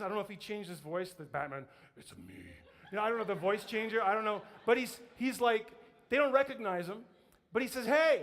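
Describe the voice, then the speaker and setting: A high-voiced male pastor preaches and tells a story with lively energy. He acts out the voices of the people in the story and laughs often. His voice rings with the long reverb of a church hall. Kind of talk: sermon. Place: church sanctuary.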